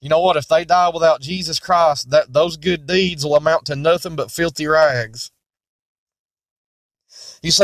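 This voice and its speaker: Man, preacher, high voice, emphatic sermon, repeats scripture, dry sound. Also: a little slow, no room sound. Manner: emphatic, repetitive preaching with King James scripture quotes; voices imagined objections in a mocking tone.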